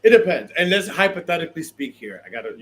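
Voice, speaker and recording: A man's voice: fairly high pitch, very animated, quick pace, a bit bright. A man co-hosting a podcast in casual chat, talking animatedly, repeating himself and laughing often. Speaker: podcast co-host.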